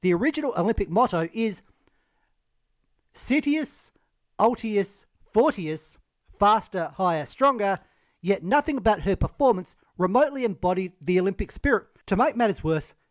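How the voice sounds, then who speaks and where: A man giving measured, critical scripted narration in a commentary video. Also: high-pitched, lively intonation, dry recording, studio quality.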